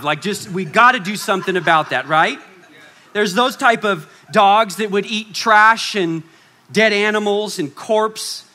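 Bright-voiced, animated male preacher. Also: sits high. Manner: animated, swings from loud to hushed, acts out quoted voices. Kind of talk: sermon.

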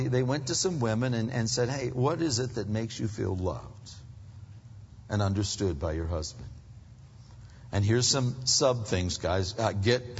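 A man preaching a conversational sermon to husbands, animated and acting out little bits of dialogue. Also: mid-range voice, slight background noise. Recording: muffled, reverberant hall.

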